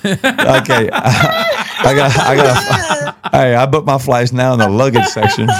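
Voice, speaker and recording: A man's voice: mid-range voice, huge pitch swings, unhurried, loud music behind the voice. A man telling a rowdy, profane story as a guest on a casual podcast chat. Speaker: podcast guest, country singer.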